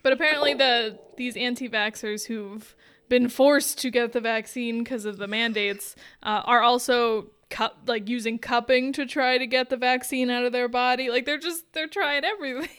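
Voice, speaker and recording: Bright-voiced woman, dry sarcastic quips. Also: on the high side, fairly even intonation, moderate pace, clear, resonant tone. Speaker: podcast co-host. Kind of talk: casual podcast chat.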